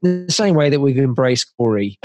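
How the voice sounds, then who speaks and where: A man's voice: medium pitch, expressive, normal speed, darkish tone, faint music behind. A man co-hosting a podcast, giving earnest advice with a wry edge. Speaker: podcast co-host. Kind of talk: casual podcast chat.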